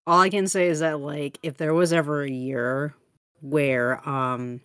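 Reflective podcast co-host, a woman with a very low voice and a halting delivery full of fillers. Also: steady tone, a bit bright, clear, resonant tone, dry recording, studio quality. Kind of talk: casual chat.

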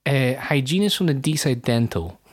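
A man's voice: medium pitch, animated, normal speed, breathy edge. A man in his thirties co-hosting a podcast, telling jokey, sweary stories in casual chat. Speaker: podcast co-host.

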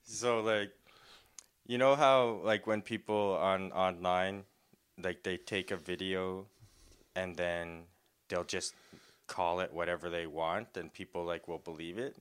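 A man's voice: fairly even intonation, a little slow, fairly bright tone, clear, resonant tone. A man chatting casually as a podcast co-host, telling stories and laughing. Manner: laughing storyteller, mimics people in high voices. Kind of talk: casual chat.

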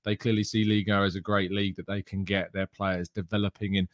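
A man's voice: low voice, level tone, a little fast, no room sound, clean studio sound. A man hosting a daily football news show, talking casually with many "uh" fillers and greeting his live chat. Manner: casual, chatty, frequent "uh" fillers. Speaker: host.

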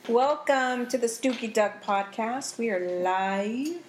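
A woman podcast host with a fairly high voice, chatting casually and telling stories with lots of swearing and animation. The room is echoey with a faint background hiss. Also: takes it slowly. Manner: animated, profane storytelling. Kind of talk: casual chat.

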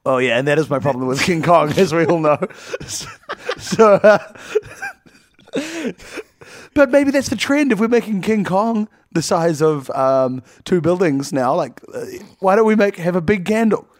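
Rambling joking man, fairly high voice. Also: expressive, unhurried, dry recording, studio quality. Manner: rambling, joking, laughs often. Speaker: podcast co-host. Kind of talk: casual comedic chat.

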